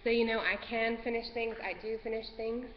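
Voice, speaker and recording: A woman's voice: on the high side, level tone, fairly quick. Woman, home craft vlogger, jittery and rambling; lo-fi audio, faint hiss. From Texas. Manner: nervous, rambling, easily distracted. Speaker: podcast host. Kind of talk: casual craft vlog chat. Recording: dull lo-fi sound with long reverb and faint noise.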